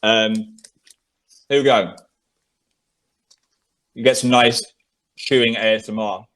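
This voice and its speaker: A man's voice: lowish voice, takes it slowly. A young man hosting a casual podcast chat, tasting sweets and laughing as he talks. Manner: animated, laughing, chews while talking. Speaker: podcast host.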